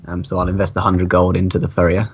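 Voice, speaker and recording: A man playing in a tabletop game, speaking hesitantly with many fillers. His voice sits fairly low. The recording is slightly dull. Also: monotone, fast talker, husky. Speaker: player. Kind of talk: casual tabletop play.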